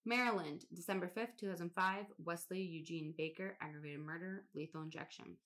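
A woman's voice: on the low side, fairly even intonation, fairly quick, fairly bright tone. A woman co-hosting a casual podcast, reading a long list aloud, swearing now and then and laughing at odd names. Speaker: podcast co-host.

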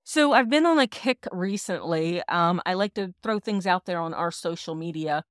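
A woman's voice: lowish voice, lively intonation, moderate pace, no room sound. Woman cohost chatting frankly, laughs a lot, dry close sound. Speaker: podcast co-host. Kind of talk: casual podcast chat.

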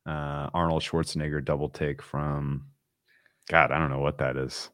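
A man co-hosting a casual sports betting show, rambling and relaxed with filler words. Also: very deep voice, moderate pace, dry recording, studio quality. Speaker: podcast co-host.

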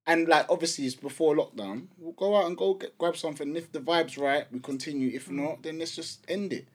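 A man co-hosting a casual podcast chat, animated and quick to laugh. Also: fairly high pitch, slightly rough. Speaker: podcast co-host.

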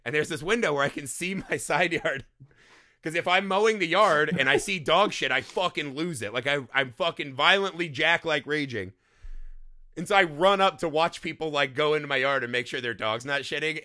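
Bright, animated man telling stories. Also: a little high. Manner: animated storyteller, swears freely, laughs often. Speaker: podcast co-host. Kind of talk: casual podcast chat.

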